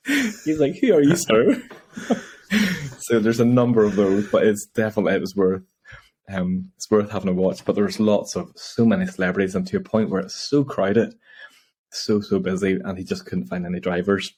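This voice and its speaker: A low-pitched man co-hosts a casual podcast chat. He rambles cheerfully, laughs often and slips into quoted voices as he tells stories. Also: little pitch movement, a little fast, dark tone. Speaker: podcast co-host. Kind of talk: casual chat about motor racing.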